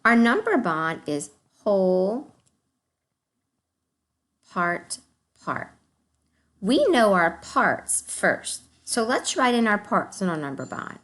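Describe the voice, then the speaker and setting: A woman teacher giving a recorded math lesson to young children, slow and encouraging, speaking straight to the kids. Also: mid-range voice, big pitch swings, a bit bright.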